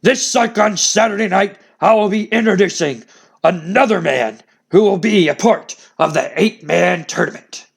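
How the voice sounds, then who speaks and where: A man's voice: high voice, normal speed, vocal fry, husky, voice pushed up, heavily acted. A man voicing a wrestling promoter making a formal announcement. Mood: announcing.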